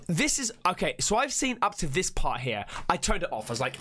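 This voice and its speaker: Jumpy, animated man reacting. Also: high-pitched, a little fast, few pauses. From England. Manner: jumpy, swears a lot, shouts when startled. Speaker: reaction video host. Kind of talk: excitable reaction commentary.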